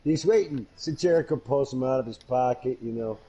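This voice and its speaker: A man's voice: mid-range voice, a little fast, mellow, slightly rough. A man co-hosting a podcast, retelling a wrestling segment blow by blow, laughing and swearing. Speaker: podcast co-host. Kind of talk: casual wrestling review chat.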